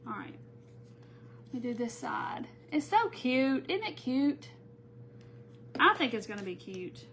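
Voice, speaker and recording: Lady doing a live craft stream, chatty, says hi to viewers by name, slightly high voice. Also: very animated, measured pace, a bit bright, a little hiss or hum. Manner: chatty, greets viewers by name while working. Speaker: craft tutorial host.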